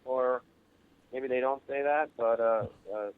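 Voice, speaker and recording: A man from Long Island, New York, a guest actor and director, talking modestly and haltingly in a casual radio interview, stumbling over restarts. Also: mid-range voice, steady tone, smooth, no room sound. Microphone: phone line. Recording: dry, tinny phone line.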